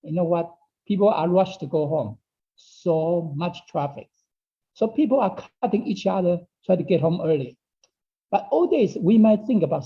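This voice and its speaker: In a dull, lo-fi recording of an online class, a man with a high, expressive voice teaches Dao study at a moderate pace. English is not his first language, and his phrasing shows it; he repeats himself and keeps checking in by asking "okay?".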